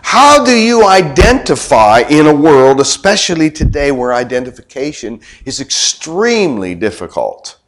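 A middle-aged man delivers a sermon in a relaxed, chatty way. His voice sits a little high and swoops widely as he throws rhetorical questions at his listeners. He breaks things up with quick joking asides. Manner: conversational preaching with rhetorical questions to the congregation. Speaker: pastor.

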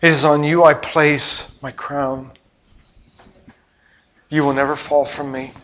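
A gentle divine figure speaks quietly and slowly, each word weighed, as a preacher gives him voice. The tone stays bright and clear even at low volume. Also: male voice. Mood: tender. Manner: soft, slow, solemn. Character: gentle divine man calling the faithful.

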